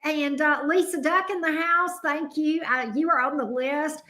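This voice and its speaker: A woman's voice: high-pitched, steady tone, measured pace, sharp tone. A woman with a Southern US accent hosting a tarot livestream, chatting casually and greeting viewers by name in a bubbly way.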